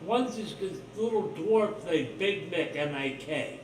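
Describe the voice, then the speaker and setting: A man's voice: fairly high pitch, expressive, takes it slowly, far from the mic, noisy background. A man hosting his own livestream, talking in a rambling, blunt, profane monologue full of suspicion. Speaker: livestream host. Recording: roomy echo, voice off-mic, faint ambience.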